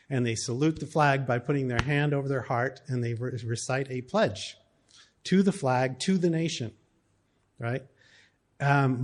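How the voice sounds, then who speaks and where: A middle-aged American man giving a talk to an audience, telling stories in a conversational way with plenty of fillers. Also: medium pitch. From United States. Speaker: speaker on cross-cultural family life.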